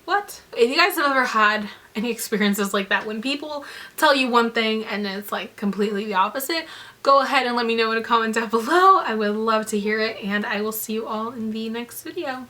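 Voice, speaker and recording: A young woman vlogger telling a story to her viewers in a casual storytime vlog, animated and full of "like". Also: on the high side, fairly quick. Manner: animated, filler-heavy retelling with lots of "like".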